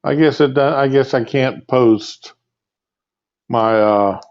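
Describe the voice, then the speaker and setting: A man's voice: medium pitch, takes it slowly, a little mellow. A man ranting off the cuff on a livestream, angry and rambling, with many fillers and restarts. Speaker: livestream host. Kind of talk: impromptu rant. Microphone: earbud with built-in mic on a phone. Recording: muffled lo-fi phone earbud mic.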